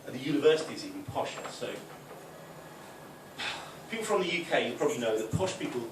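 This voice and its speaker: A young man from the North East of England with a softened Geordie accent, doing a chatty stand-up routine. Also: a little high, animated, quick pace. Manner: chatty, with tag questions; loud put-on voices for punchlines. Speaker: stand-up comic. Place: club function room. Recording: echoey room, distant, noisy.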